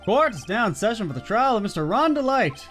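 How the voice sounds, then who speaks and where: A man's voice: sits high, sing-song, quick pace, a bit bright, voice pushed up. A man voicing a flustered older male judge in a game read-aloud, with faint music behind.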